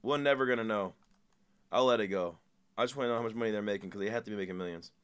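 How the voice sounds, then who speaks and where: A man's voice: fairly low pitch, racing, smooth. Profane, slangy reaction-video host, a man. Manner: profane, slangy, rambling, laughs often. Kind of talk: casual reaction commentary.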